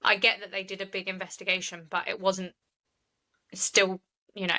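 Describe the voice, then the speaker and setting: A woman's voice: medium pitch, little pitch movement, normal speed, bright, forceful tone, poor audio. A woman, co-hosting a podcast and retelling a case in earnest, opinionated chat. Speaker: true crime podcast co-host.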